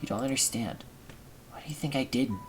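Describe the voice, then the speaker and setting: A shy, sad teenage girl from a visual novel speaks in a quiet, subdued way, as a man reads her lines aloud. Her words come out soft and fragile. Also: mid-range voice, brisk, faint music behind, close to an everyday voice, low-quality recording. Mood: hurt, subdued. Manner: quiet, subdued, hurt reading. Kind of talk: reading game dialogue aloud.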